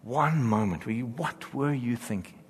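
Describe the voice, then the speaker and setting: A man preaching a sermon as pastor, talking earnestly, growing intense and later dropping to a hushed prayer. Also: mid-range voice, lively intonation, moderate pace, breathy edge. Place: church hall. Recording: church hall reverb.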